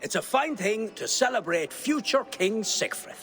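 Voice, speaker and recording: Easygoing Irish tanner. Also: male voice, high-pitched, very animated, moderate pace, a bit bright, husky, full character voice. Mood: chatty. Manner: chatty, easygoing. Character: friendly male Irish tanner, common folk.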